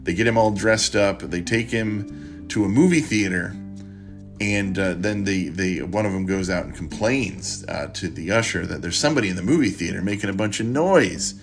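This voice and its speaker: Rambling low-voiced man. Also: soft background music. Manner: rambling, halting, many restarts and fillers. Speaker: podcast host. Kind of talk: casual book recommendation.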